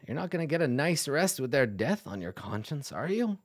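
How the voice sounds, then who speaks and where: A man's voice: a little high, sing-song, a little fast, pitched above the performer's own voice. A man voicing a smug old male dwarf who leans on a staff and needles the heroes. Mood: needling. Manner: cajoling, mock-reasonable.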